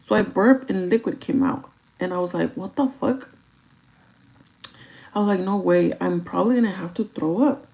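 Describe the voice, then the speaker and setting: Brief: young woman, beauty livestreamer, gravelly fry in her voice, casual rambling storyteller who swears freely. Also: mid-range voice, moderate pace, pauses often, poor audio. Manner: chatty, profane, animated retelling. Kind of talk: casual storytelling while doing makeup.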